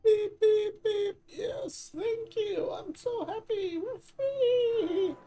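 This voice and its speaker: A man puts on a chirpy little game robot with a squeaky, piping voice. It sounds giddy and bright, far above a normal speaking register. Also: extremely slow, full character voice.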